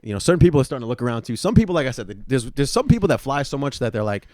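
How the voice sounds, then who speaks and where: A young man co-hosts a casual podcast. He tells stories with a very lively, swinging pitch, swears freely and laughs easily. The sound is close-miked and dry, with no room in it. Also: rapid-fire, no room sound. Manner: animated storyteller, swears freely, laughs often. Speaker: podcast co-host. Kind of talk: casual storytelling chat.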